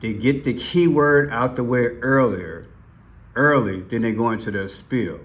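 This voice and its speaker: This is a man at an unhurried pace, talking over clips he plays. He leans hard on key words and repeats them. His pitch sits in a middle range. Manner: emphatic, stresses single words and repeats them. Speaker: commentary channel host. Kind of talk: slow, deliberate commentary over played clips.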